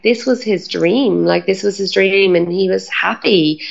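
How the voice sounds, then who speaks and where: A woman's voice: fairly low pitch, steady tone, normal speed, creaky, few pauses, lo-fi sound. A woman telling her story as an interview guest, chatty and full of "like" and "um" fillers. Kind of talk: casual storytelling.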